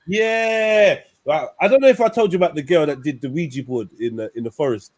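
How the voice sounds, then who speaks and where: In a dry recording, a brisk-talking young host trades crude banter on his chat show. His storytelling is loud and jokey, and his pitch swings animatedly.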